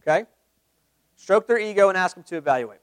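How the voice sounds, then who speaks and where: A man giving a live sales training talk to a group, energetic, quizzing the room with questions and acting out sample calls. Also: high voice, a little fast, clear, resonant tone, no echo. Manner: acts out sample phone calls.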